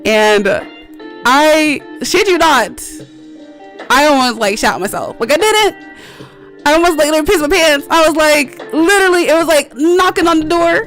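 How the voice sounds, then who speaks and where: A woman's voice: high voice, expressive, moderate pace, a bit bright, faint music behind. A woman streamer chatting casually while playing a game, rambling through stories with lots of filler words, swearing freely and laughing often.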